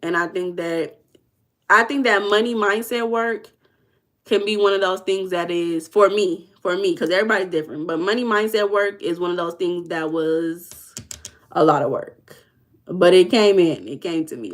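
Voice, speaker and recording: Chatty young woman, lowish voice, live chat. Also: animated, moderate pace. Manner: chatty, storytelling, addresses viewers as y'all. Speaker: manifestation coach answering viewers live. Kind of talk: casual livestream chat.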